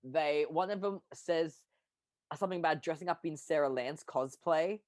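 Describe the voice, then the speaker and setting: A co-host on a casual online fan discussion of a TV show, emphatic, excitable and jokey. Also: mid-range voice, normal speed, no echo. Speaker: podcast co-host.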